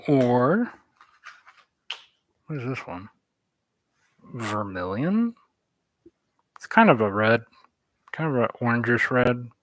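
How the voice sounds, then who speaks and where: A man live-streams himself painting, thinking aloud in a casual, musing, hesitant way. His medium-pitched, fairly bright voice swings widely in pitch, moving slowly with frequent pauses.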